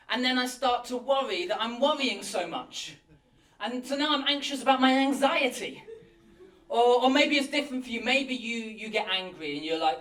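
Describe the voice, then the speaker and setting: A man, a pastor, preaching a sermon in an earnest, animated way, acting out people's anxious thoughts in a church hall. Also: very high voice. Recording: roomy hall from a distance.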